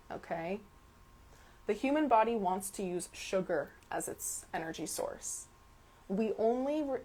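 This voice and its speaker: Her voice is mid-range, a little mellow and slightly rough. Hosting a live stream Q&A as a detox health coach, she answers viewers with emphasis, repeating key words and often asking "okay?".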